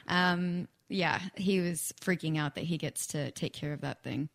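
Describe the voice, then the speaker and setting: Chatty young woman, low-pitched, casual guest storytelling with filler words. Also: measured pace, vocal fry. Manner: chatty, frequent fillers and laughs, acts out quoted speech. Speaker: guest songwriter. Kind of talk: casual chat.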